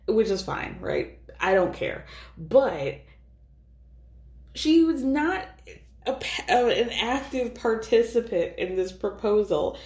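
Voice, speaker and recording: Hosting a podcast, a woman recaps a reality show in a chatty, sarcastic manner, swearing freely throughout. Her pitch sits fairly high and sounds a little mellow. The recording has a roomy echo.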